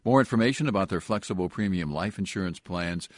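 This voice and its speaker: A male radio host with a low voice and a dry, close studio sound. He reads phone numbers and sponsor notes briskly, then slows into reflective questions for his guest. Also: dry recording. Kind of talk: radio talk show hosting.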